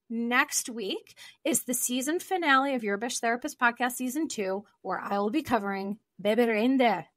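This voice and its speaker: A woman's voice: on the high side, pushed and bright, no echo. A woman hosting her podcast solo, talking in a chatty, informal way and laughing often. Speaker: podcast host.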